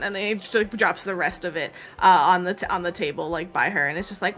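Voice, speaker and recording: A woman's voice: lowish voice, fast, few pauses, sharp tone. A woman narrating a tabletop game as game master, rambling loosely with many "like"s and "um"s. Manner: rambling, full of "like" and "um".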